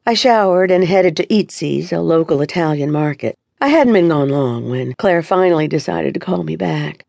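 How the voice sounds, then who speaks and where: Woman narrator, first-person romance, confiding tone, gravelly edge, dry close studio sound. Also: deep voice, normal speed, few pauses, darkish tone, dry recording. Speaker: audiobook narrator.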